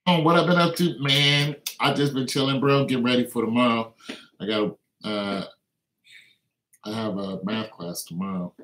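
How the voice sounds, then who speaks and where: A man's voice: steady tone, normal speed, a bit bright. A man hosting a casual livestream, rambling and joking in a mocking tone. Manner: joking, mocking, breaks into laughs and silly high voices. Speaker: livestream host. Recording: echoey room.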